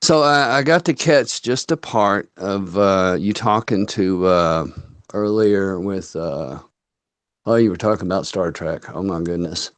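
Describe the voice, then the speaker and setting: Co-hosting a casual online talk show, this man teases and jokes with his guest. His deep, slightly bright voice moves at a measured pace, recorded dry through a webcam microphone while he's off camera.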